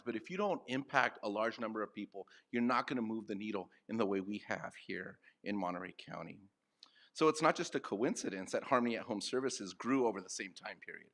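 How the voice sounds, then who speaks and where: A man speaking at a charity luncheon, making a donation appeal and then running a playful live auction with rapid bid calls. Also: on the low side, a bit bright. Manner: upbeat, rapid auction calls with self-deprecating asides. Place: banquet hall at a luncheon.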